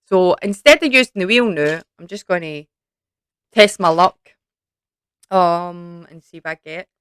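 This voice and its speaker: A woman's voice: on the low side, unhurried, a bit bright, clean tone, no room sound. A young woman with a Scottish accent chatting casually to camera in a Q&A, rambling with lots of fillers. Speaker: YouTube creator.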